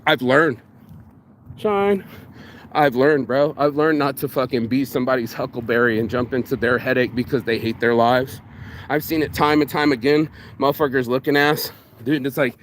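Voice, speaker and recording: A man's voice: mid-range voice, slight background noise. A man vlogging outdoors in a park, ranting bluntly and profanely in a casual monologue.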